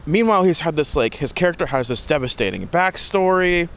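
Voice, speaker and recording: Lively man with a bouncy voice. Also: fairly high pitch, brisk, slight background noise. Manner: lively, laughing, expressive. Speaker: podcast guest and co-reviewer. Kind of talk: casual film review chat.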